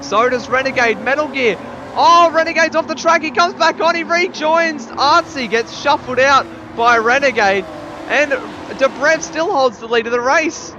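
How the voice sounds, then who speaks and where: A man commentating a sim race, calling the action play by play and building to excited shouts at big moments. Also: extremely high pitch, moderate pace. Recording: slightly dull lo-fi mic with faint noise.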